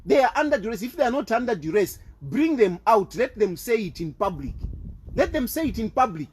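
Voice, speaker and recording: A man's voice: sits high, sing-song, fairly quick, darkish tone, husky. A man with a Zambian accent delivering an impassioned, repetitive political rant, accusing and fervent. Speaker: political commentator.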